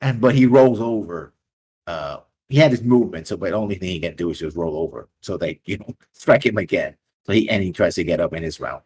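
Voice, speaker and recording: Husky low-voiced man running a game. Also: expressive, a little mellow. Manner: halting, rambling scene description. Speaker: game master. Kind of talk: narrating a tabletop game.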